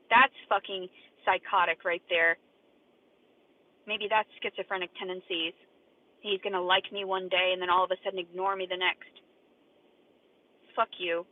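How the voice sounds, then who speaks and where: A woman swearing her way through a defensive, furious rant on a livestream. Her voice comes through thin and tinny, like a phone line, and sits at a middle pitch. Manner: profane, ranting, defensive.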